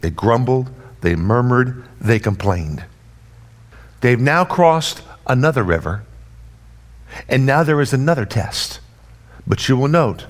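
A man preaching a sermon in an emphatic, repetitive cadence, swinging between raised and hushed delivery. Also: medium pitch, big pitch swings, unhurried, long pauses.

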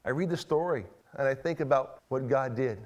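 A man preaching a sermon as pastor, reading scripture slowly and emphatically and acting out the voices of church members. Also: medium pitch.

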